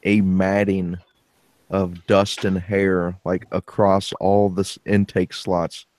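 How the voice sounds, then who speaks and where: A man's voice: low-pitched, flat delivery, takes it slowly, darkish tone. A man hosting a casual podcast chat, wry and joking, swearing now and then. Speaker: podcast host.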